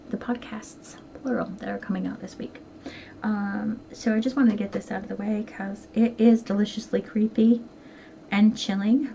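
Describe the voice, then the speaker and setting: A middle-aged woman hosting a knitting podcast, talking quickly and casually with plenty of ums. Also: medium pitch, warm tone. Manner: chatty, quick and rambling with many ums. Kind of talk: casual chat to camera. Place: at home. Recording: noisy home recording.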